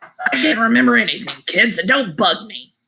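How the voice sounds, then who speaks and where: A man's voice: sits high, lively intonation, moderate pace, vocal fry, bright, forceful tone, slight background noise, full character voice. A woman reading aloud, voicing a crabby old male war veteran who barks at kids. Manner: barking, grumpy.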